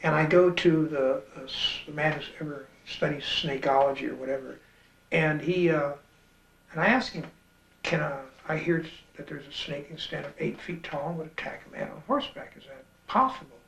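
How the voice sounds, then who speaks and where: A middle-aged man telling family stories in a reflective, halting way, often repeating words as he thinks. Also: fairly high pitch, gravelly, fairly bright tone, slight background noise. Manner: thoughtful, repeats words as he searches. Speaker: author. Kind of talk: reflective interview voice-over. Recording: roomy sound with guitar music underneath.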